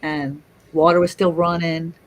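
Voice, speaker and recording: A middle-aged woman telling a story in casual chat, lively and swearing, acting out the people she quotes. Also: low-pitched, measured pace, low-quality recording. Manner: animated, swearing, acts out quotes. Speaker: guest storyteller.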